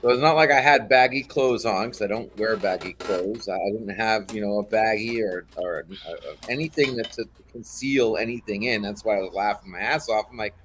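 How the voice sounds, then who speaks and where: A man's voice: on the low side, fairly quick, few pauses, a bit bright. A man telling a heated story in casual chat on a live online show, swearing often.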